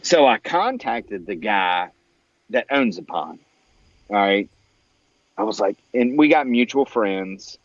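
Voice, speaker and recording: Guy telling a rambling story, does the voices of other people, laughs a lot, pitch all over the place, kinda dull lo-fi sound. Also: slow, pauses often, no echo. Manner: animated, acts out quoted dialogue in a higher voice; laughs often, lots of fillers. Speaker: podcast guest. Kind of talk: casual storytelling chat.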